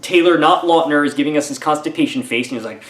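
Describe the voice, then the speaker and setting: A man's voice: on the high side, fast, a bit bright, roomy sound. A man giving a comedic, sarcastic movie review, rambling with lots of "like" and "uh" fillers. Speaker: film reviewer.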